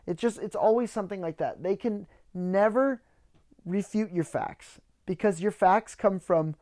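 A man's voice: high-pitched, lively intonation, normal speed, dark tone. A man hosting a podcast, ranting in a casual monologue, swearing freely and often repeating words as he starts sentences. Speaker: podcast host.

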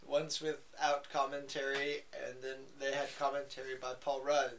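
A man's voice: medium pitch, flat delivery, normal speed, a bit bright. A man co-hosting a podcast in casual chat, rambling and profane with many fillers and restarts. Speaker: podcast co-host. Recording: faint background noise, poor audio.

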